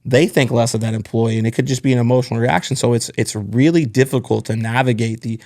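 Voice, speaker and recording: Gravelly-voiced man telling candid stories. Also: mid-range voice, fairly even intonation, quick pace, a little mellow. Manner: candid, earnest storytelling about work. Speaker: podcast host. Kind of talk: casual podcast conversation.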